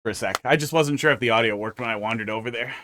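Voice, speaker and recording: Rapid-fire and forceful, a bright mid-range male voice with no room sound narrates a stream of a level-building game. He keeps it casual, chatting, rambling and joking as he plays, and hums to himself at times.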